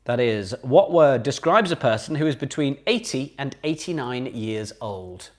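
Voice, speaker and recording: A man's voice: medium pitch, lively intonation, moderate pace. A man hosting a casual online pub quiz. He talks in a chatty, jokey way, repeats each question and reads out comments from viewers. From Britain.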